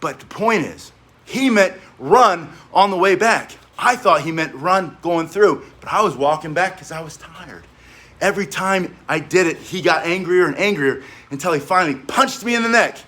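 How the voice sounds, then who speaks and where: High-voiced energetic male fitness coach. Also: normal speed. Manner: energetic, chatty, laughs while telling stories; coaching directions mid-exercise. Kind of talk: spoken workout instruction with war stories.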